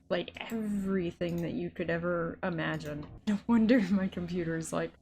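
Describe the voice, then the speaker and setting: A woman's voice: lowish voice, steady tone, normal speed, creaky, darkish tone, faint music behind. A young woman hosting a let's play from home at a desk mic, chatty and exasperated with her computer. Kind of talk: casual gameplay commentary. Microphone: desk microphone.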